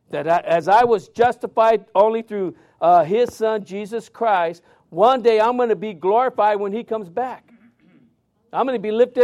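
A man's voice: sits high, darkish tone, muffled recording. A man preaching a sermon in a loose, conversational storytelling way, full of fillers and restarts. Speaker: pastor.

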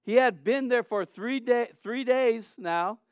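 A Southern California pastor, voice high, smooth, and clear, preaches unhurriedly and conversationally, animatedly relating stories and often restarting phrases. The sound is phone-quality and dry, with little echo.

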